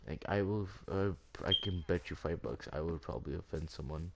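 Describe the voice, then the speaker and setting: A man with a very low, deep voice rants loosely over gameplay, wandering and restating his point again and again. His talk is full of "like" and restarts, and a faint hiss sits under it. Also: expressive, fairly quick, vocal fry, few pauses. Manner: rambling, repeats himself, leans heavily on "like". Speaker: gaming channel host. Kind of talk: rambling rant over gameplay.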